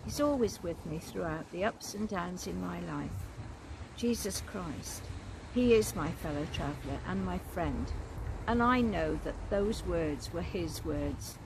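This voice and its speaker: An older Englishwoman, a church warden telling a personal faith story in a gentle, earnest way. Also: on the low side, lively intonation, unhurried, vocal fry, noisy background. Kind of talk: personal testimony.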